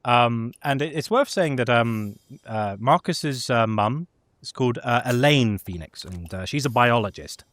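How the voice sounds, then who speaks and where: A man's voice: medium pitch, lively intonation, a little slow, a bit bright, dry recording. Chatty man recapping game lore. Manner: chatty, many fillers and laughs. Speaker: gaming lore presenter. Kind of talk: casual lore recap chat.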